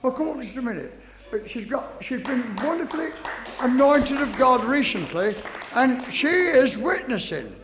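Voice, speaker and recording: A man hosts a street testimony, brisk and encouraging, with a very high voice. Steady noise fills the background of the recording. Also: crowd noise. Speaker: evangelist host. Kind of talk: street introduction.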